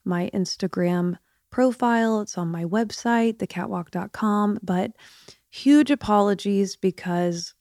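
A woman's voice: mid-range voice, a little slow, a little mellow, dry recording, clean studio sound. A middle-aged woman hosting a podcast, chatting casually with a slight lisp because her jaw movement is limited after surgery. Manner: chatty, confiding, drops to whispers. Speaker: podcast host. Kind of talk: casual chat.

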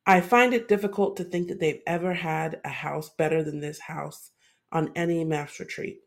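A woman co-hosting a podcast, chatting casually with lively, wry remarks about a reality show. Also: low-pitched, normal speed, creaky. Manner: lively, exclaiming, wry asides. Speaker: podcast co-host. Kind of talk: casual recap chat.

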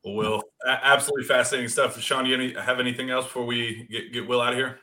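A man hosting a sports podcast who chats in a relaxed way with many fillers. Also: mid-range voice, quick pace. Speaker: podcast host. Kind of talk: casual sports talk.

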